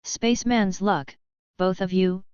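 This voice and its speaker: A woman's voice: medium pitch, fairly even intonation, unhurried, a little mellow, clear, resonant tone, no echo, muffled recording, natural voice. A woman reading the lines of a blunt young male cadet engineer, speaking grimly. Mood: resolute. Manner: grim, blunt.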